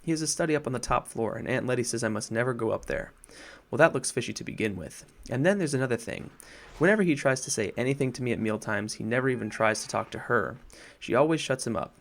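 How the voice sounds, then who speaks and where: Guy doing an upset young boy, earnest and rattled, gravelly low voice. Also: animated, fast talker, a bit bright. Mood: secretive. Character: miserable young boy, tearful and wound up.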